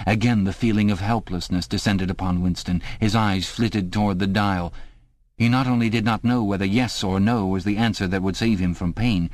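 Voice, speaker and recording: Calm man narrating an audiobook. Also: on the low side, moderate pace, no echo. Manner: calm, even, literary reading. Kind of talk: scripted narration.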